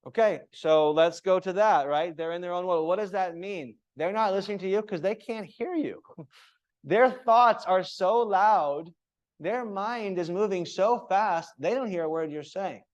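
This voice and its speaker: A man leading a yoga teacher training, talking to a group of students in an echoey room, acting out tones of voice and asking them questions. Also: on the high side. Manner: animated, acts out different tones of voice, asks the group questions. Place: room with echo.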